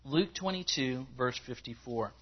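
A man's voice: animated, unhurried. Man preaching a casual sermon, lo-fi. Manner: conversational, rising in pitch when acting out quotes. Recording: slightly dull, lo-fi recording.

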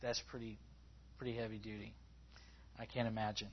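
A man preaching a conversational sermon to a congregation, acting out people's words in a higher voice as he quotes them. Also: flat delivery, brisk, a little hiss or hum. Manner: conversational, rising in pitch when acting out quotes. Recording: slightly dull, lo-fi recording.

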